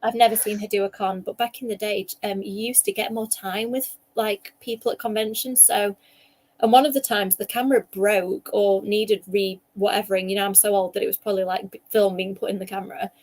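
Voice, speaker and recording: A woman's voice: medium pitch, steady tone, fairly quick, a little mellow. A woman, chatting casually and telling rambling stories with lots of fillers. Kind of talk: casual chat about fan conventions.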